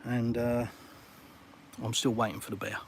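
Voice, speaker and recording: A middle-aged man with an English accent, hosting a casual live Q&A outdoors. He talks bluntly and teases viewers with jokey banter in a middle-pitched voice. Faint ambient noise sits behind him. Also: flat delivery, normal speed. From England. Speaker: livestream host. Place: outdoors on a sunny balcony.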